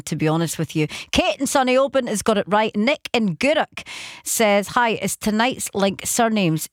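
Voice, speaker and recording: A woman's voice: medium pitch, dry recording. A woman hosting a late-night radio show in a studio, chatty and giggly as she reads out listener messages. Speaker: radio host. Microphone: studio microphone.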